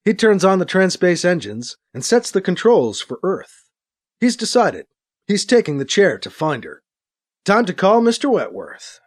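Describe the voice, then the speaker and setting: A man reading a science fiction story as narrator, in steady storytelling narration. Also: high-pitched, unhurried. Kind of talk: scripted narration.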